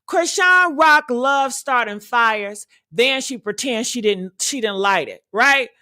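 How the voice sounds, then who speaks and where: A woman's voice: on the high side, animated, slow, bright, forceful tone, no room sound, clean studio sound. A woman hosting gossip commentary, sassy and dramatic, calling her listeners honey and baby. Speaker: commentary host.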